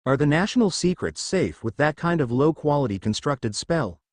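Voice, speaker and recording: A man's voice: a little high, very animated, moderate pace, no echo, clean studio sound. A man voicing an overpowered young demon king who talks in a lazy, teasing, offhand way.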